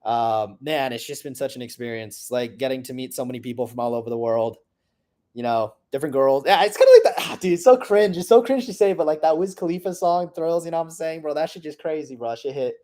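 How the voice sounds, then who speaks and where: A man's voice: medium pitch, quick pace, mellow. A man in his late twenties, rambling casually and profanely through a personal reflection on his past year, often trailing off. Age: 20s. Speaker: vlogger.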